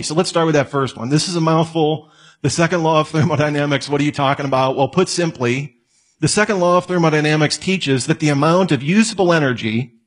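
A man giving a conversational lecture, asking his listeners questions and adding joking asides. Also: fairly high pitch. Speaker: apologetics teacher. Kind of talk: lecture on evidence.

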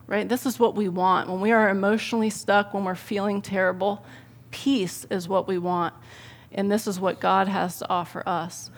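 A middle-aged woman preaching a sermon to a church, chatty and animated, often tagging her points with "right?" and laughing at her own stories. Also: medium pitch, vocal fry. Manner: conversational, tags points with "right?". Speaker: speaker at a church service.

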